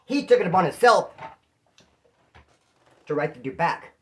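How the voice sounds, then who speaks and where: A man's voice: high voice, expressive, unhurried, fairly bright tone. A man from California casually telling a story about his time in jail, talking in slang and acting out the voices of the people he quotes. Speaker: prison storyteller.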